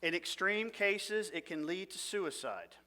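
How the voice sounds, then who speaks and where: A man with a slightly raised voice teaches a seminary lesson in a conversational manner. He often puts questions to the listeners and goes quiet and low when he shares something personal. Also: lively intonation, unhurried. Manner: conversational, asks the audience questions. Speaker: minister teaching a class. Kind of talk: seminary lecture.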